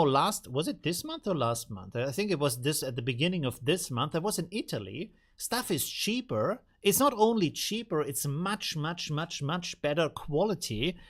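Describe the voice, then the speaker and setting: A man hosting a casual live stream, musing aloud and rambling as he reacts to memes. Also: fairly high pitch. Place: home studio in Vienna.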